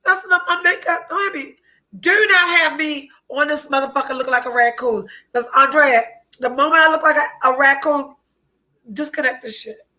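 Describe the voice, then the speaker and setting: A woman's voice: sits high, normal speed, pushed and bright, low-quality recording. A woman hosting a podcast, talking candidly and bluntly with frequent swearing, her nose stuffed up from a cold. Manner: blunt, profane, emotionally open. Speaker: podcast host.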